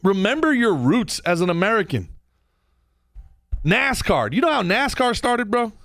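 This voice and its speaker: A man hosting a podcast, ranting comedically with profanity and quick mock voices. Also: high-pitched, dry recording. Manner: animated, profane, jumps between impressions and mock voices. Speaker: podcast host. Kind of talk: comedic rant.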